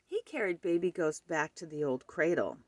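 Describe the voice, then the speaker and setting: A woman reading a children's picture book aloud at home with expressive storytelling. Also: low-pitched, normal speed, dry recording.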